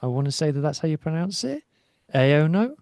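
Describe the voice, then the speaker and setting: A man's voice: a little high, sing-song, very fast, gravelly, dark tone, dry recording. Enthusiastic man, dry close sound. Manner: enthusiastic, rambling with many ums. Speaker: podcast co-host. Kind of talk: casual sports chat.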